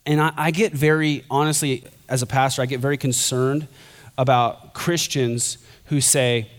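A man's voice: mid-range voice, steady tone, normal speed. A young man preaching a sermon as a pastor, conversational and joking, then building to fervent intensity.

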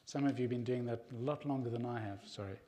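Middle-aged pastor preaching in a reverberant hall. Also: male voice, mid-range voice, fast talker, mellow, slight background noise. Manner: earnest, addresses the congregation as "folk". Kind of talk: sermon. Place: church hall.

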